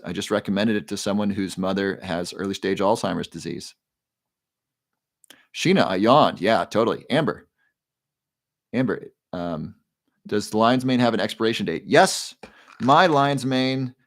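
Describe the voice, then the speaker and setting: A man with a fairly low voice, hosting a live stream in a relaxed, chatty way. He reads viewers' names and answers them one by one. The sound is dry and close, with no room echo. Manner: relaxed, guides breathing, reads chat names aloud. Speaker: livestream host. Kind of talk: casual livestream talk, answering chat.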